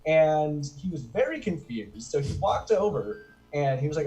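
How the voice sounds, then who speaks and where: A man's voice: a little high, normal speed, faint music behind, low-quality recording. A man doing a rambling, self-deprecating stand-up set. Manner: rambling, self-deprecating delivery with lively swings. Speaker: stand-up comedian. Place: virtual comedy show inside a video game.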